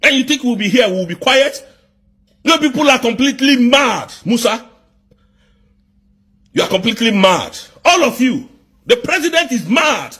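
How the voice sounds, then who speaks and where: A woman from southeast Nigeria, delivering an angry, accusatory political rant, often shouting and repeating herself. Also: a little high, big pitch swings, moderate pace, long pauses, husky. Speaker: political activist.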